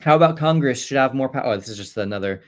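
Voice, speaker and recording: A middle-aged man teaching live from an indoor desk setup, his voice at an ordinary middle pitch. He reads chat questions aloud and answers earnestly, repeating key points for emphasis. The mic sits close at his computer. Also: lively intonation, racing. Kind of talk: livestream lesson reading chat.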